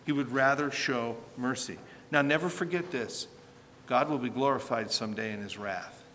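A man's voice: mid-range voice, normal speed, fairly bright tone, slight background noise. A man preaching a sermon as pastor, emphatic and rising and falling in force, with rhetorical questions. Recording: reverberant hall with faint ambience.

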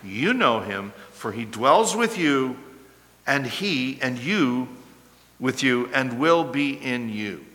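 A man preaching a sermon as pastor, emphatic and insistent, slowing and rising to stress key words. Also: medium pitch, very animated, pushed and bright. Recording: long hall reverb.

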